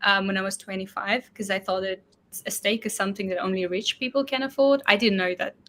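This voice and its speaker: A woman's voice: medium pitch, steady tone, a little fast, fairly bright tone. Young woman guest, hesitant and giggly. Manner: hesitant, many fillers, laughs often. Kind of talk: casual podcast conversation.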